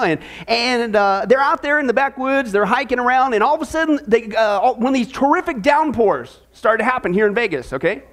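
A male pastor preaching a sermon in a joking, chatty, lively way. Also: very high-pitched.

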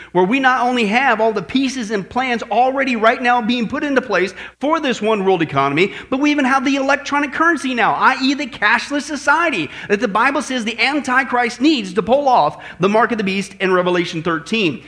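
A man preaching a sermon, joking with the congregation and addressing them directly. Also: very high voice. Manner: joking, energetic, talks to the congregation. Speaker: pastor.

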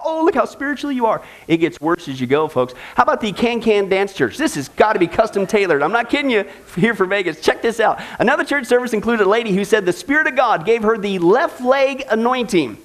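A man's voice: sits high, a bit bright, slight background noise. A man teaching a Bible study, mocking what he describes with sarcastic jokes and laughs at his own lines. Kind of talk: mocking sermon commentary.

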